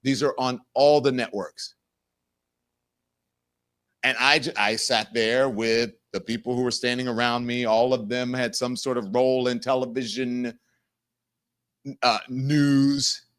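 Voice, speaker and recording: A middle-aged man hosting his own show, telling a story in a casual, animated way, acting out quoted voices and swearing freely. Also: medium pitch, a little slow, pauses often, clean tone. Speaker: show host.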